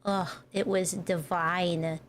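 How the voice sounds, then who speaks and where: A woman's voice: lowish voice, little pitch movement, slow, a little hiss or hum. An American woman who streams as a VTuber, chatting casually with her viewers and laughing often. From United States. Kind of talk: casual livestream chat.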